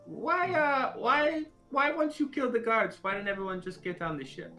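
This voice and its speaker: A man playing a tabletop game, speaking in a drawn-out, wry, questioning way. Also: very high-pitched, sharp tone, faint music behind. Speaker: player. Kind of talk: casual chat at a tabletop game.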